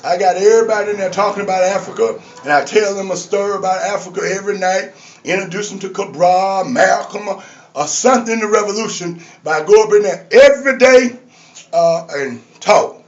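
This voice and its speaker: A man's voice: sits high, brisk. An older man giving a fiery rally speech on a community stage, preaching with call-and-response to the audience. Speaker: activist speaker. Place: community arts center stage before an audience. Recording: dull lo-fi live recording with crowd.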